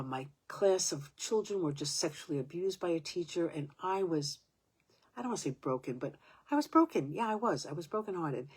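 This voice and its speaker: Brief: woman, 70s, low husky voice, halting personal storytelling, breaks into whispers. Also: a little mellow. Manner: halting, restarting sentences, sometimes dropping to a whisper.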